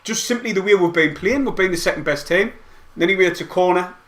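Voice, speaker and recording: A man giving excitable, rambling play-by-play of a match from home, as host of a fan watch-along. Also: sits high, quick pace. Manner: excitable, rambling fan commentary with mild swearing. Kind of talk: casual live play-by-play commentary. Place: at home, not at the stadium.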